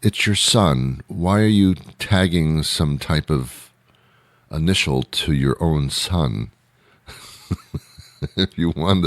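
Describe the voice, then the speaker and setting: A man's voice: extremely low pitch, expressive, slow, pauses often, dry recording, clean studio sound. A male show host giving a rambling, sarcastic comedic monologue with mock outrage. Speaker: radio host.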